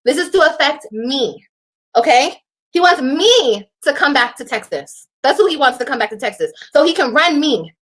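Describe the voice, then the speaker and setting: A woman in a fairly high voice, venting on a livestream. She curses freely and hammers her points by saying them twice. Her delivery is animated and unscripted. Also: normal speed. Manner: animated, profane, repeats herself for emphasis. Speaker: livestreamer telling her side of a breakup. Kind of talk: casual livestream storytelling.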